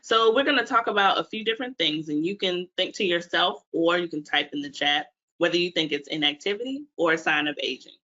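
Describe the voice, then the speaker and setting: A woman from Washington, D.C. gives a webinar talk as a physical therapist. Her voice is bright and forward, and she keeps asking the audience questions. The audio is dull and lo-fi, like a webinar stream. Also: lowish voice, brisk, hardly any pauses. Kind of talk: webinar presentation.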